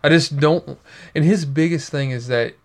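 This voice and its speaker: A man's voice: on the high side, normal speed, darkish tone. A young man co-hosting a podcast, talking in a casual, earnest and reflective way. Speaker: podcast co-host. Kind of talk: casual chat.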